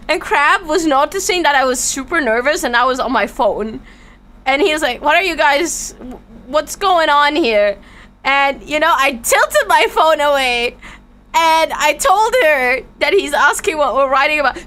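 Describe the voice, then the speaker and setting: A woman's voice: sits high, animated, normal speed, bright, forceful tone. A woman streamer telling a personal story in casual chat, stammering and swearing freely, with faint music behind her.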